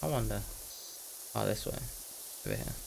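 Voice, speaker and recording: A teenage man with a fairly low voice talks through a game in easygoing chat. He rambles from thought to thought and pokes fun at his own jokes, and now and then slips into a put-on British slang voice. A faint hiss sits under his voice. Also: wildly swooping pitch, moderate pace, gravelly. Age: teens. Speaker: gaming commentator. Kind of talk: casual chat while playing a game.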